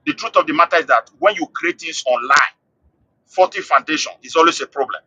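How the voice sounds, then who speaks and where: A Nigerian man calls into a live show as a guest, giving impassioned political commentary in a slightly high, brisk voice that's pushed and bright with a breathy edge. The recording is dry and low-quality. He speaks emphatically, often repeating and restarting phrases as he builds his argument.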